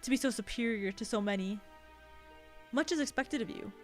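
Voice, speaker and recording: A woman's voice: a little high, brisk, faint music behind, natural voice. A woman voicing a haughty, sinister female alien noble who broods over her loneliness as she reads a visual novel aloud. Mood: brooding. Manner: brooding, self-pitying monologue.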